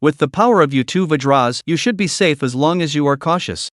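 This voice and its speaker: A cold monk master gives orders in a flat, measured voice, as a male narrator reads his lines. The tone sits a little high for a man and moves around a lot, and the sound is close and dry. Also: no room sound. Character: older monk Arhat, cold and commanding.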